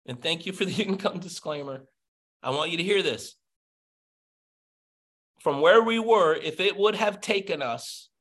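A business coach whose voice is a little high gives a passionate, near-yelling motivational pep talk via video call.

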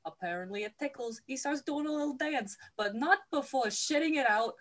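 A woman's voice: sits high, animated, fairly quick, a bit bright. A woman hosting a comedic movie recap, joking and giggling through playful asides. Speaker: podcast host.

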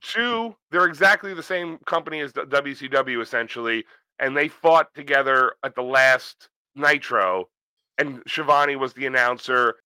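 A man's voice: medium pitch, moderate pace, pushed and bright, clear, resonant tone, dry recording, poor audio. A man co-hosting a podcast in casual chat, joking and swearing freely. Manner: profane, joking wrestling talk. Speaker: podcast co-host.

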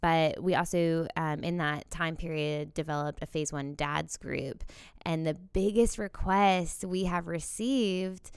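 A woman's voice: deep voice, takes it slowly, clear, resonant tone, no echo, clean studio sound. A woman co-hosting a parenting podcast, chatting casually and laughing easily at family stories. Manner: lively, laughs easily, tells family anecdotes. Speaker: podcast co-host.

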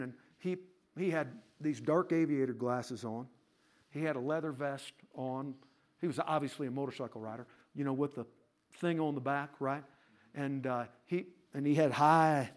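A man preaching, telling a personal story in an animated, conversational sermon style. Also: fairly high pitch. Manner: animated storyteller, rising to laughing shouts. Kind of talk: sermon testimony.

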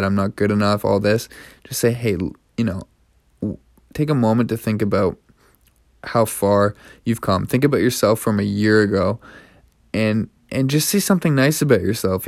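This young podcast host has a fairly low voice and talks through personal reflections, sincere and supportive, with frequent restarts. It's recorded in studio quality, free of room sound.

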